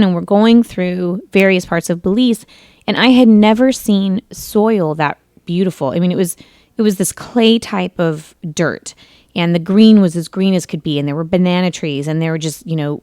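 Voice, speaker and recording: Smooth low-voiced woman radio host. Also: a little mellow, dry recording, clean studio sound. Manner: chatty, rambling, with self-corrections and laughs. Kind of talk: casual storytelling on talk radio.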